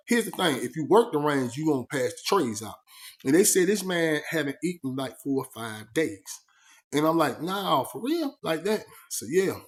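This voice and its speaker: Guy telling a story, kinda high voice for a man, acts out every line and throws in sound effects, lots of "you know what i mean". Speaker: vlogger recounting his prison life. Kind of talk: animated storytelling.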